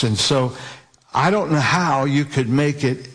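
A man preaching a sermon, slowly and deliberately, stretching out key words for emphasis. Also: mid-range voice, fairly bright tone.

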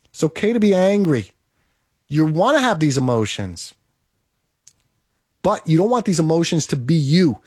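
A man's voice: a little high, darkish tone, breathy edge, no echo, studio quality. A man giving an emphatic, repetitive motivational monologue, coaching the listener.

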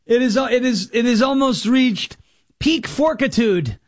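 A man's voice: very high voice, unhurried, dry recording, clean studio sound. A man hosting a talk show, mocking and sarcastic as he comments on played clips.

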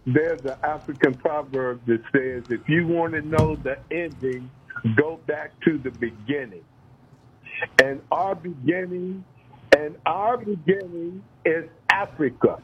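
A woman calling in to a radio talk show, speaking in an earnest, measured way. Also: deep voice. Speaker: caller. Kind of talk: call-in radio comment. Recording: muffled phone line with faint noise.

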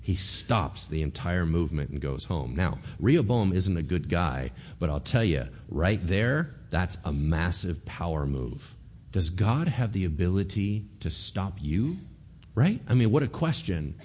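A male preacher with a low voice that leaps up and down as he tells the story. He is animated, voicing the characters himself and firing rhetorical questions at his listeners. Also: measured pace. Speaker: pastor. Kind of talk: sermon.

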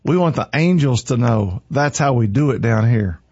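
An out-of-breath man leading worship, with a husky voice that swings widely in pitch. He talks in a folksy, exclamatory way. The sound is dull and lo-fi. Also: animated, moderate pace, darkish tone, dry recording. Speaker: worship leader. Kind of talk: excited church livestream chat.

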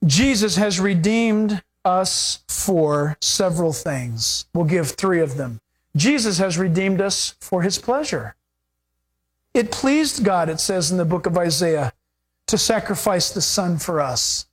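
A man preaching a sermon as pastor, animated and playing out voices in his stories. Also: high voice, slow. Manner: animated, acts out quoted voices with laughter.

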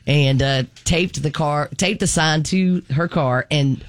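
A man's voice: on the high side, slow, dry recording. A middle-aged man co-hosting a radio show, telling a funny story in casual banter and laughing through it. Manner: storytelling, laughing through his own tales.

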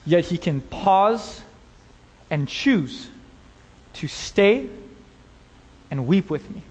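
A man's voice: high-pitched, animated, drawn-out words, darkish tone, breathy edge. A male pastor preaching a passionate sermon and speaking directly to his congregation. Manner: impassioned, addresses the congregation directly. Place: church sanctuary. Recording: long reverb of a large hall.

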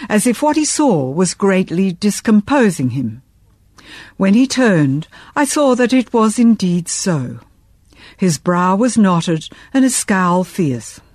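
A woman reading a first-person historical novel aloud in measured, expressive audiobook narration. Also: mid-range voice, dry recording, clean studio sound.

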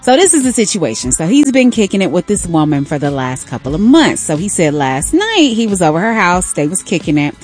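A woman hosting a radio show, chatting and telling a story in an animated, sassy way. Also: fairly low pitch, fairly quick, few pauses, faint music behind. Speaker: radio host. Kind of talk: casual radio chat.

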